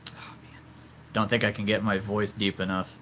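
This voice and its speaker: A man's voice: fairly low pitch, little pitch movement, moderate pace, fairly bright tone, a little hiss or hum. A man in his thirties chatting casually on a livestream from his home, rambling and laughing often at himself. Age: 30s. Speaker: streamer showing his figure collection. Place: home room with toy figures.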